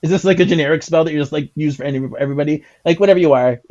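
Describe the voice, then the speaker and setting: A man co-hosting a podcast in casual chat, giggly and animated, reading comic pages aloud. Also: a little high, racing, highs cut off. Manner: giggly, animated, acts out lines in silly voices. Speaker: podcast co-host.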